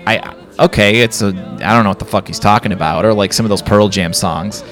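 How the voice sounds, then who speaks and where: Low-voiced Chicago-accented man rambling. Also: brisk, a bit bright, soft background music. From Chicago area. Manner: rambling, many restarts and fillers. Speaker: podcast co-host. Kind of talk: casual chat.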